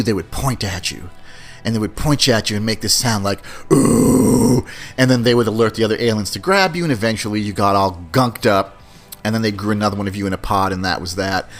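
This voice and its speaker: A man's voice: lowish voice, a bit bright. A man hosting a podcast in a casual, rambling monologue, chatty and loose, often tossing in "man" and "you know". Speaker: podcast host.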